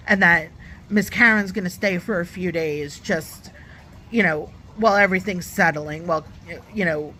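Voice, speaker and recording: Bright-voiced chatty woman reviewer. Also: medium pitch, a little hiss or hum. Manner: chatty and opinionated, acts out quotes. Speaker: YouTube reviewer. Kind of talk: casual reality-TV review.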